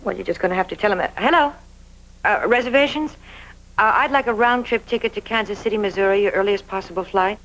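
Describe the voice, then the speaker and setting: A woman's voice: mid-range voice, fast, a bit bright, close to an everyday voice, low-quality recording. Actress playing a breathless stammering young woman. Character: anxious, loyal young woman helping a fugitive.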